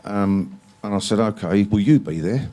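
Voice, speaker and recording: Deep voiced guy in his 60s, guest on stage, rambly swearing stories, lots of ums. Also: normal speed, dark tone. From England. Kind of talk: storytelling in a live interview. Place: library event hall.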